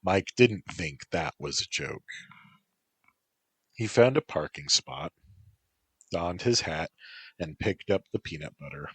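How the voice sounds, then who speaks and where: A man narrating a story in a calm, even storytelling manner. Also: sits low, slow pace, long pauses, slightly rough, no echo.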